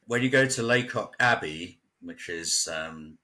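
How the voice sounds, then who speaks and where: An Englishman with a deep voice chats casually as a local guest at home near a village, speaking a little slowly with an animated, sharp tone. He tells stories and laughs often.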